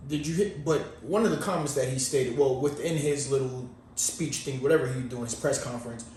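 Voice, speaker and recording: A man's voice: medium pitch, a little fast, darkish tone, recorded from a distance. A man co-hosting a podcast in casual chat, rambling and slangy in a laid-back way. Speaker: podcast co-host. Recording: echoey room, off-mic, faint noise.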